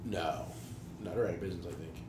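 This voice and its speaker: A man hosting a podcast, swearing freely through lively, animated stories about his tool business. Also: low-pitched, fast. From New Jersey. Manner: profane, animated storytelling. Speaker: podcast host, tool dealer. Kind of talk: casual podcast chat. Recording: roomy echo, faint background hiss.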